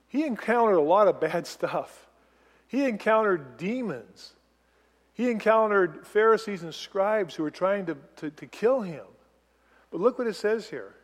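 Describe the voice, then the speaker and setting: A man preaching a sermon as pastor, animated, putting questions to the congregation. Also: high voice, long reverb tail.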